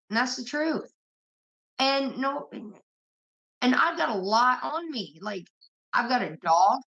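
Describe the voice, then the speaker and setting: A woman's voice: fairly high pitch, animated, moderate pace, sharp tone. A woman hosting a livestream, venting casually to her chat in a blunt, heavily profane way. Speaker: livestream host. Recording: dull lo-fi stream audio.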